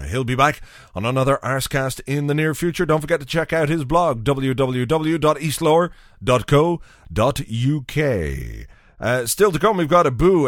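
A man hosts a casual podcast, jokey and self-mocking between segments. His pitch moves around a lot, and the sound is dry and close. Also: dry recording. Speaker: podcast host.

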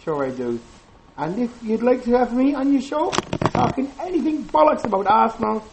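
A man's voice: very high-pitched, very animated, normal speed, creaky, background noise. Man in an overdone fake Irish accent. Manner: put-on exaggerated Irish accent. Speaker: voicemail caller. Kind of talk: recorded voice message.

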